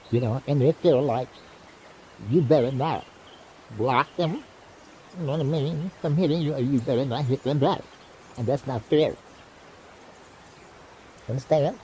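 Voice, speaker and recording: A man's voice: mid-range voice, warm tone, slight background noise, poor audio. A man delivering an impassioned, profane monologue, lecturing like a teacher and repeating "you know what I mean". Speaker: self-styled teacher vlogger.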